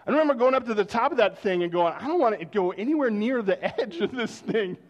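A male pastor preaching a sermon in a conversational storytelling way, dropping to hushed exclamations of wonder. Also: high voice, animated, fairly quick, highs cut off.

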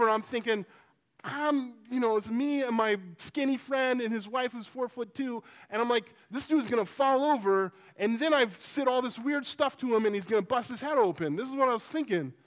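High-voiced man preaching a story. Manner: animated storyteller, rising to near shouting at emotional peaks. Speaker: pastor. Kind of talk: sermon storytelling.

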